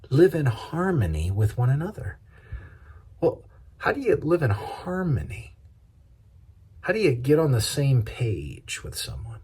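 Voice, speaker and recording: A man's voice: medium pitch, a little mellow, slightly rough. A man pastor giving a conversational, practical sermon, acting out everyday examples as he teaches.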